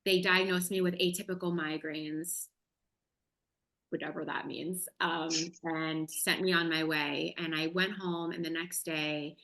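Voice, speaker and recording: A woman's voice: sits low, flat delivery, a little slow, creaky, bright, forceful tone. A woman guest on a podcast, candidly and expressively telling her personal story.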